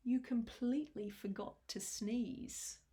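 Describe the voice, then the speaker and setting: A woman's voice: a little high, steady tone, takes it slowly, warm tone. Woman reading as a cheeky little mouse. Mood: teasing. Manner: bold, teasing.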